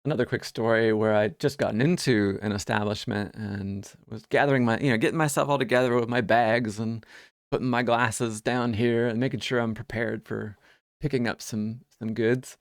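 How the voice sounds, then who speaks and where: A man with a gravelly, fry-tinged voice tells everyday stories in a relaxed vlog monologue. He sounds wry and amused, stumbling over and repeating words as he talks. The sound is dry and close, with no room around it. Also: mid-range voice, moderate pace, no room sound. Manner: chatty, many restarts and repeated words. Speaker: vlogger sharing life stories. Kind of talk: casual storytelling monologue.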